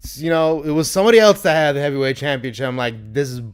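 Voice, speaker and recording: A man's voice: on the high side, animated, fast, clear, resonant tone. A man in his thirties co-hosting a casual podcast, joking and swearing as he acts out everyday exchanges. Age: 30s. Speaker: podcast co-host. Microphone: video call.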